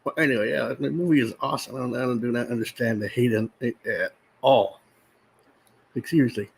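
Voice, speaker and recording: Rambling man with a gravelly voice. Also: mid-range voice, brisk, low-quality recording. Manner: rambling, restarts often, talks while eating popcorn; exasperated, incredulous. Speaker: movie reviewer. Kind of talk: casual unscripted movie review vlog.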